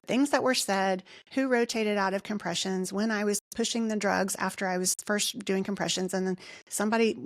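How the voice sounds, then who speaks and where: A middle-aged woman recounts a personal experience as a podcast guest, sincere and earnest, often quoting her own thoughts aloud. Her voice sits at an ordinary mid pitch. The recording is dry and close, with little room sound. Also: no room sound. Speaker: podcast guest, nurse anesthetist. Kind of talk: personal testimony in an interview.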